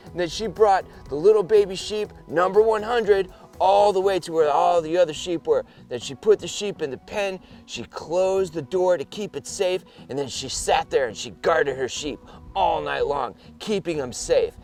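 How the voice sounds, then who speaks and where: Upbeat male children's storyteller, high-pitched, faint music underneath. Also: normal speed. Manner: expressive, playful, demonstrative. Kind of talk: animated children's story narration.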